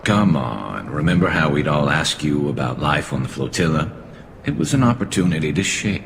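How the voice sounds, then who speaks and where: Dry-witted alien soldier, very deep and lively, roomy sound with faint hiss. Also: male voice, moderate pace, vocal fry, exaggerated voice. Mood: teasing. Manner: wry, needling. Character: teasing male alien soldier, dry wit. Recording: roomy game clip with faint background noise.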